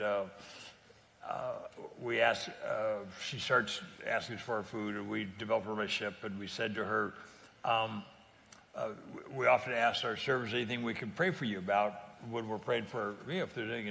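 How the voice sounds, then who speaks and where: A man's voice: fairly low pitch, creaky, fairly bright tone, long reverb tail. A man from California, a guest in a casual interview, telling stories in an earnest, plain-spoken way with frequent restarts. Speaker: guest evangelist.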